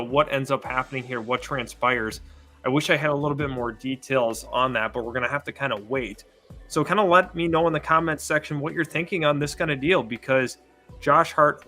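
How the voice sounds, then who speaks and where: A man's voice: mid-range voice, bright, forceful tone. A man co-hosting a live basketball stream, analyzing a breaking trade and thinking aloud. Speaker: co-host. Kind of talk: live sports talk.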